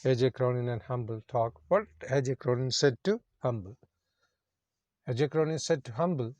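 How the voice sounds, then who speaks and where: A man's voice: mid-range voice, moderate pace, darkish tone, no room sound. A man teaching English, reading a story passage aloud and then explaining its words in simple phrasing, repeating each meaning.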